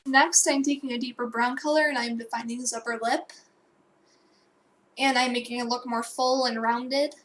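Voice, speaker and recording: A woman's voice: a little high, fairly even intonation, normal speed, fairly bright tone, slight background noise. Rambling young woman explaining digital painting. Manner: rambling, self-correcting, with fillers and asides. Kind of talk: casual tutorial voice-over.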